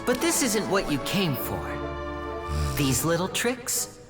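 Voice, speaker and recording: A showy young stage magician. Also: male voice, high voice, big pitch swings, takes it slowly, over loud music, exaggerated voice. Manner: theatrical showman, smooth and teasing.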